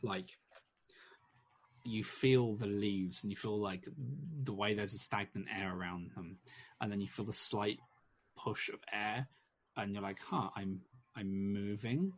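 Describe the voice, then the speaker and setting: Husky man narrating a tabletop game. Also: fairly low pitch, steady tone, measured pace, long pauses. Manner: rambling narration full of fillers and restarts. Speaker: game master.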